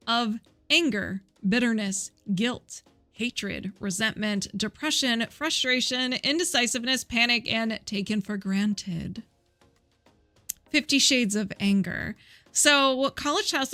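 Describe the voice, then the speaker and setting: A woman's voice: on the high side, a bit bright. A woman running a live healing session, chatty and playful, laughing often and answering her own yes-or-no questions. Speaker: energy healer.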